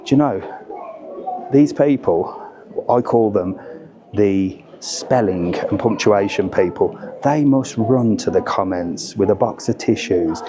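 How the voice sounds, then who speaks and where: A man's voice: on the low side, animated, moderate pace. Middle-aged guy vlogging on a packed train, blunt and chatty, crowd noise all round. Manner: chatty, blunt, swears when annoyed. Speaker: travel vlogger. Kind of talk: casual travel vlog. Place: crowded alpine train station and train.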